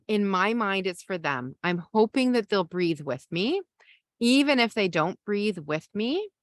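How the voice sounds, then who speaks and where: A middle-aged woman with a fairly low voice teaches parents in a calm, gentle coaching tone. She takes slow pauses and lets out soft sighs between points. Her voice is close and dry, with no room sound. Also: clear, resonant tone, no echo. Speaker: parenting podcast host.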